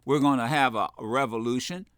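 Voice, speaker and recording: A man hosting a talk radio show, giving impassioned political commentary in a preachy way, repeating phrases and building to shouts. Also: medium pitch, normal speed, clear, resonant tone, no echo, studio quality.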